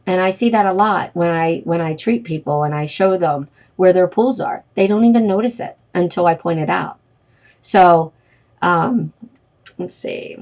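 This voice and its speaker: A middle-aged woman with a fairly low voice hosts a wellness livestream. She talks casually and rambles, often stopping to correct herself and filling gaps with "um" and "you know.". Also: normal speed, a little mellow. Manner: rambling, with many fillers and self-corrections. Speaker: wellness practitioner hosting a livestream.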